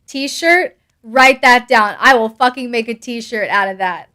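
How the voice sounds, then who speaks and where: A woman's voice: fairly high pitch, measured pace, hardly any pauses, bright, forceful tone. A young adult woman hosting a live stream, reading viewer comments aloud with bubbly asides and frequent laughs. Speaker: host answering patron questions.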